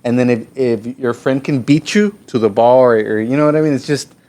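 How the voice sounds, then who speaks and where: A man's voice: mid-range voice, brisk, darkish tone. A man guest on a podcast, telling stories in loose, profane casual chat and now and then slipping into Spanish. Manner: profane, rambling, slips into Spanish.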